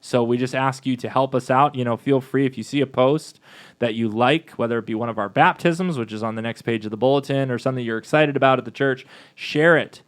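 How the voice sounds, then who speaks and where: A man's voice: mid-range voice, a little fast. Guy from a church podcast, just chatting, lots of ums and restarts, normal mid voice. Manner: chatty, rambling with restarts and fillers. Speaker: parish podcast co-host. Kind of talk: casual chat.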